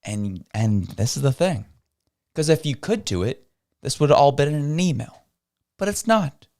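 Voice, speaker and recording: Guy ranting over a clip, super emphatic, repeats stuff, pitch jumping all over. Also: big pitch swings, moderate pace, a little mellow. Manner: incredulous, emphatic, repeats words for stress. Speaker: political commentary host. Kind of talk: reacting to a clip, commentary.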